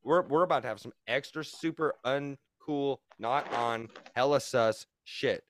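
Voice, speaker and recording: A man hosting a podcast, talking in a loud, profane, mocking way and laughing often. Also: medium pitch, measured pace, slight background noise. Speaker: podcast host. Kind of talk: casual podcast chat.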